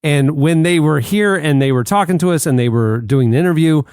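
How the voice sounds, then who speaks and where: A man co-hosting a podcast who tells stories in a deadpan way in casual banter. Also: a little high, a little fast, clean tone, no room sound, clean studio sound. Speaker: podcast co-host.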